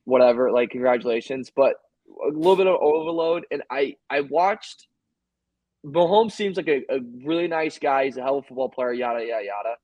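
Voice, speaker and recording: A man's voice: mid-range voice, a little fast, a little mellow, no echo, low-quality recording. A man co-hosting a sports podcast, telling rambling, joking stories in casual chat. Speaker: podcast co-host.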